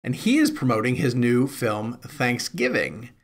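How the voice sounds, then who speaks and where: Brief: male podcast host, gravelly voice, upbeat and eager. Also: medium pitch, very animated, unhurried. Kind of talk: casual podcast chat.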